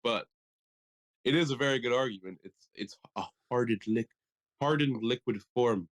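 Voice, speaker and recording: Guy co-hosting a podcast, swears a lot, animated rants, medium voice. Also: medium pitch, normal speed. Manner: profane, animated riffing. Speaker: podcast co-host. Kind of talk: casual chat.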